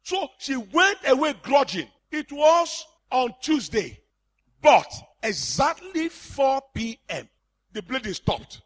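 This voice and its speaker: A man preaching a sermon with passion, often shouting for emphasis. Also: very high voice, big pitch swings, takes it slowly.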